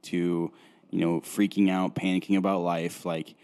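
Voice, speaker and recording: A man's voice: low-pitched, flat delivery, normal speed, dark tone, smooth. A young man co-hosting a podcast in laid-back casual chat, peppering his talk with "like" and "man". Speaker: podcast co-host.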